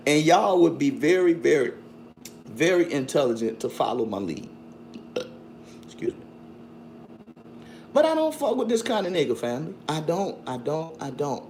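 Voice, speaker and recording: A man's voice: fairly high pitch, big pitch swings, moderate pace, vocal fry, pauses often. Black dude ranting on his stream, cussing and mocking, voice jumping all over, bit of hiss. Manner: loud, profane, mocking, with frequent laughs. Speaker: livestream host. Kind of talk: combative livestream commentary.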